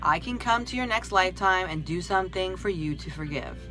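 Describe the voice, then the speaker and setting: A woman voicing a kind, gentle friendly soul who speaks with calm, tender reassurance in a storybook reading. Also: lowish voice, brisk, soft background music, voice pushed up.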